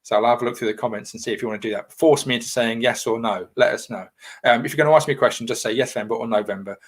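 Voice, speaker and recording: A man's voice: medium pitch, very fast, slightly rough. A man hosting a casual livestream, reading viewer comments and talking in a rambling, reassuring, chatty way. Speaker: livestream host.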